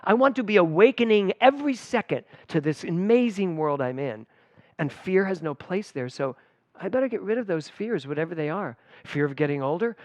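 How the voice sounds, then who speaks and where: A middle-aged man, a spiritual director, giving a conversational sermon at a church service, telling personal stories with lively emphasis. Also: fairly high pitch, fairly quick, no echo, muffled recording. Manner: animated and personal, storytelling with emphatic swings.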